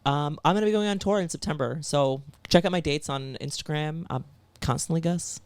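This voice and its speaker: Comedian guest, male, slightly higher pitch, smooth and clear, dry room. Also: fairly quick, no echo. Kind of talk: casual podcast chat.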